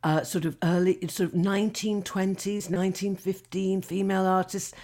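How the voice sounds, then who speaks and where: A woman's voice: medium pitch, little pitch movement, moderate pace, warm tone. A woman in her sixties co-hosting a podcast, chatting casually with many fillers and restarts. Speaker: podcast co-host. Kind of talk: casual chat.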